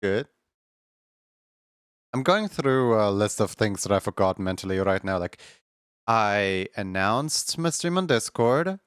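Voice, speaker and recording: A man's voice: lowish voice, lively intonation, unhurried, pauses often, fairly bright tone, clean tone, no room sound, studio quality. A man hosting a live stream in casual chat, often stumbling over repeated words and laughing between thoughts.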